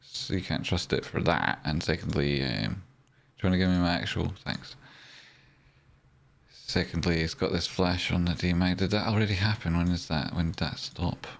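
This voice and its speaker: Low-voiced scottish guy on a trading stream, joking around and reading chat out loud. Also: moderate pace, creaky. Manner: chatty and joking, reads viewer comments aloud. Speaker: livestream trading host. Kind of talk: casual live-stream chat.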